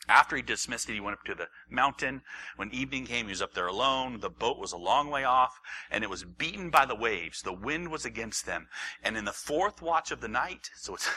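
A man preaching a sermon, acting out the story and swinging from raised, animated lines to hushed near-whispers. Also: lowish voice, slight background noise, rough recording. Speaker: pastor.

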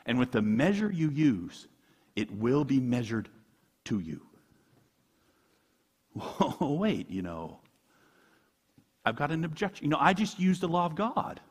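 A man's voice: medium pitch, very animated, measured pace, long pauses, slightly rough, big-room sound. A man preaching a conversational sermon as a pastor, asking rhetorical questions and chuckling often.

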